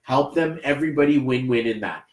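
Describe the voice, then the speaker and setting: A man's voice: mid-range voice, fairly quick, echoey room, low-quality recording. A man with a Canadian accent doing a live numerology reading, rambling and encouraging, with many fillers. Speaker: numerology reader. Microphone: livestream camera mic.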